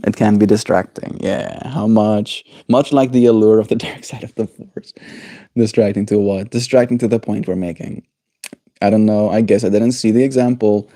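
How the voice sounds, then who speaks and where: Low, mellow-voiced male streamer. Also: dry recording, clean studio sound. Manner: relaxed, rambling, chuckling. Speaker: livestream host. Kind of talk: casual chat.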